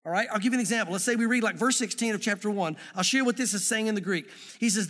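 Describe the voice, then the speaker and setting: High-voiced male pastor in a reverberant hall. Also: racing, hardly any pauses. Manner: animated, conversational preaching with asides. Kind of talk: sermon. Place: church sanctuary. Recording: long reverb of a church hall.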